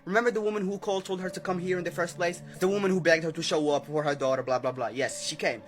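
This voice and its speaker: A man's voice: on the high side, fairly even intonation, fast talker. A young man telling a creepy story in a casual storytime style, chatty and constantly checking in with "okay?". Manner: chatty, keeps adding "okay?" and "right?".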